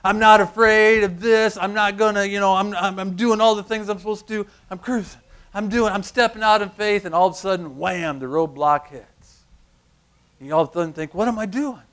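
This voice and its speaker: A middle-aged man preaching with a slightly high voice. He tells his stories in an animated way and acts out the voices in them. His delivery climbs to loud, emphatic peaks. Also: fairly quick, clean tone. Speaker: pastor. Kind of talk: sermon.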